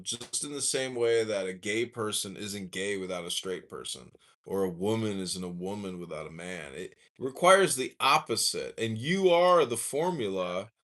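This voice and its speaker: Calm, measured podcast man. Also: fairly low pitch. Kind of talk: casual podcast chat.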